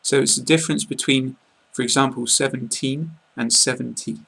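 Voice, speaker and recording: Strongly gravelly and somewhat husky, this mid-range male voice belongs to an English teacher with a southern English RP accent giving an online pronunciation lesson. He explains calmly and plainly in an even, flat tone, his pauses often filled with ums and uhs.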